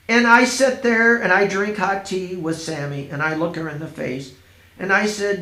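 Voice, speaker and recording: Slow, high-voiced man telling a story. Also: animated, sharp tone. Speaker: narrator. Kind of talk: first-person story reading. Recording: roomy echo.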